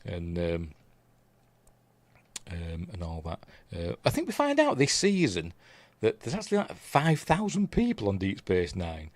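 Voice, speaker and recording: Rambling Yorkshire man, low voice. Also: wildly swooping pitch, measured pace, no echo. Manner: rambling, chatty, lots of fillers and trailing asides. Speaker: streamer reviewing TV episodes. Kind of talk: casual live-stream chat.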